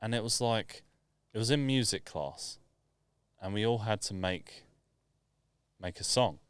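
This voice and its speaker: A man co-hosting a podcast, telling stories in an animated, sweary way. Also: fairly low pitch, a little slow, clear, resonant tone, no room sound. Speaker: podcast co-host. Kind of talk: casual chat.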